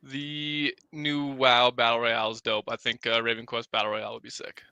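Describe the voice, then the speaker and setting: A man's voice: medium pitch, little pitch movement, moderate pace, bright, forceful tone, clear, resonant tone, dry recording, lo-fi sound. A man from the marketing side of a game, answering podcast questions casually and enthusiastically.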